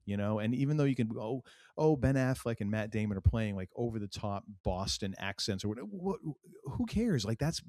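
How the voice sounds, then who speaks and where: Rambling middle-aged New England man, low. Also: a little fast, no room sound, studio quality. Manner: rambling, animated, full of fillers and restarts. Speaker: podcast co-host. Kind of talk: casual chat.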